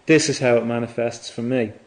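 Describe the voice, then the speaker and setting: A man giving a Buddhist dharma talk, reflective and halting, often restarting his phrases. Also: mid-range voice, fairly even intonation. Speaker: Buddhist teacher.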